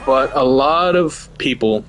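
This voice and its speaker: A man's voice: mid-range voice, animated, measured pace, fairly bright tone, faint music behind. A man in his forties giving a blunt, profane, heated rant as the host of a gaming channel. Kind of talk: ranting commentary over gameplay.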